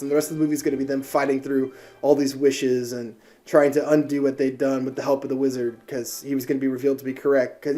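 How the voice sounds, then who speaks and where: A young man with a mellow, darker tone rants through a movie review, swearing freely and sounding exasperated. Faint music sits behind his voice. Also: mid-range voice. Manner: profane, exasperated ranting.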